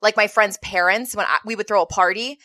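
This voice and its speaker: Bright, playful woman podcast co-host. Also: medium pitch, fairly quick. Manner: playful, laughs often, jokey. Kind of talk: casual chat.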